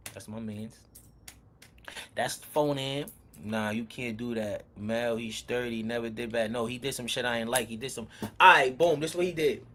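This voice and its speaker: A young man from Harlem, telling a long street story on a livestream in a rambling, slang-heavy way that swings from low muttering to loud heated bursts. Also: a little hiss or hum. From Harlem, New York.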